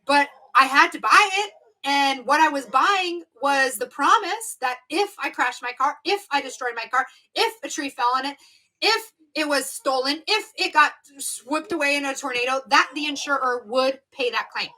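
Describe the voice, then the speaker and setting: A woman's voice: sits high, expressive, normal speed, bright, forceful tone, poor audio. A woman exam prep instructor teaching a live-streamed review lesson, stressing key words and repeating them to drill the point. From United States.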